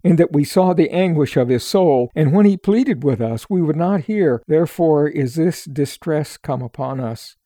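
Anxious grown men plead earnestly that they are honest, voiced by a man reading aloud. The voice is warm and dark. The recording is dry. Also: a little high, expressive, moderate pace, hardly any pauses, no echo. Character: anxious grown brothers pleading their innocence.

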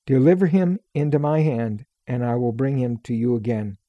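A man voicing an earnest, remorseful eldest brother who talks in a low, quiet way. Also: moderate pace, no echo, muffled recording, close to an everyday voice.

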